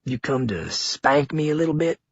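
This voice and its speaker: Gravelly Georgia-twanged Governor, as a man puts him on. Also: a little high, sing-song, moderate pace, dry recording, muffled recording, exaggerated voice. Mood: sardonic, menacing. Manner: theatrical, exaggerated enunciation. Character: menacing one-armed male town leader, middle-aged.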